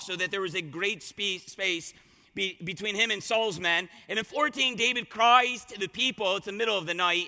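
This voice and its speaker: A man preaching a sermon, retelling a scripture story with lively voiced quotes. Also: high-pitched. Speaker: pastor. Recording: long reverb of a large hall.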